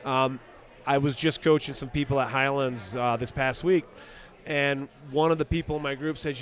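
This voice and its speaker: A man's voice: mid-range voice, steady tone, normal speed, fairly bright tone. A man who coaches skiing, talking practically and encouragingly in an outdoor interview. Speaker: ski coach and exam selector.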